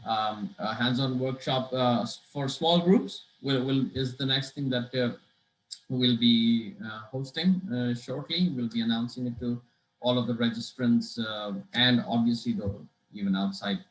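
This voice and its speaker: A man's voice: medium pitch, unhurried. A man hosting a professional webinar, speaking in a rambling, hesitant way full of "uh"s, with a dry throat, heard over a video call. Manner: rambling, hesitant, many uh fillers and restarts. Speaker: webinar host. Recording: echoey room.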